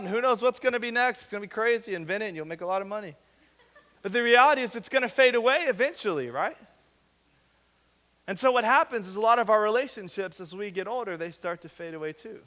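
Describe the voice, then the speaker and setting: A man's voice: very high-pitched, a little fast. A young man giving a casual, joking sermon to young adults and an audience in a large hall. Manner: joking, conversational, with animated voiced asides. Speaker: young adult ministry director. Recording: long hall reverb.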